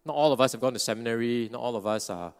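A man's voice: mid-range voice, very fast, smooth, big-room sound. A man preaching an expository sermon, earnest and explanatory, often restarting phrases and checking in with "right?".

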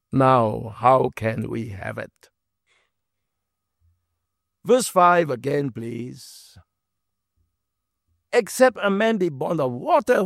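Male preacher, unhurried and animated, teaches scripture with emphatic rhetorical questions, dry close sound. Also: mid-range voice, gravelly, dry recording. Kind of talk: sermon, Bible exposition.

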